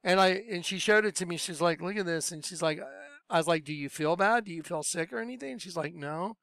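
Earnest high-voiced male preacher. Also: brisk, gravelly, no echo. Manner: earnest, conversational, drops to soft low voice when recalling. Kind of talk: personal testimony sermon.

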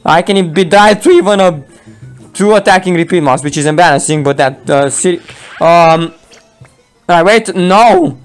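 A man giving playful, excitable game commentary, laughing often and throwing in mock roars while he voices both sides of a match. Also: sits high, moderate pace, soft background music. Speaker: gameplay commentator.

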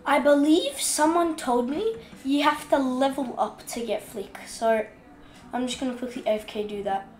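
A woman giving casual gameplay commentary, chatting along and scolding the fish in the game out loud while she has the hiccups. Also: high voice, normal speed, reverberant. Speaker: gaming video host.

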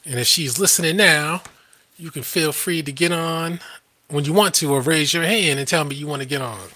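A man's voice: on the high side, normal speed, sharp tone. A man hosting a live stream, ranting in a combative, scoffing way and laughing at his own points.

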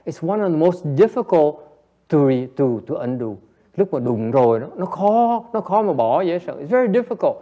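High-voiced playful male teacher. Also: sing-song, fairly quick, dull audio. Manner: playful, coaxing the audience, switching between English and Vietnamese; frequent laughter and repeated "yes, yes". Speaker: Buddhist teacher. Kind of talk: Dharma lecture to a class.

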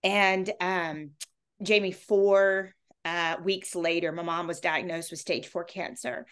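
A woman's voice: fairly low pitch, fairly even intonation, slow, a bit bright, clear, resonant tone. A woman author guest, talking with earnest emotion about faith and loss, often repeating words as she is moved. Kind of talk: heartfelt faith conversation.

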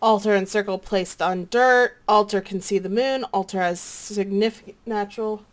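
A woman hosting a gaming channel, chatting casually and excitably as she plays alongside a partner. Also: mid-range voice, moderate pace. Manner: bubbly, excitable, chatters to herself. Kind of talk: casual gameplay chat.

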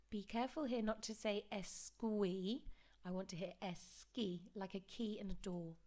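A woman teaching a recorded Spanish lesson, leading slow and careful pronunciation drills. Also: medium pitch, creaky.

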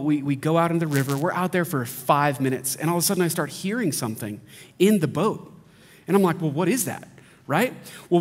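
Casting: thirties male pastor, slightly high voice, animated storyteller, church hall reverb. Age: 30s. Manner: lively joking storyteller, animated. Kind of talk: sermon with humorous storytelling.

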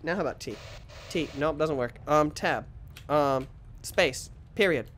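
A man hosting a gaming channel, giving excitable let's play commentary that swings into yelps and shouts when frustrated, often mocking himself. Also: a little high, unhurried, a little hiss or hum.

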